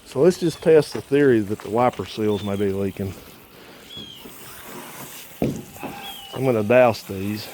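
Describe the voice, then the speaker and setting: Folksy low-voiced mechanic. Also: male voice, slow, pauses often, dark tone, slight background noise. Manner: folksy, explaining as he works. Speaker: mechanic, channel host. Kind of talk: hands-on repair demonstration. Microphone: handheld phone camera.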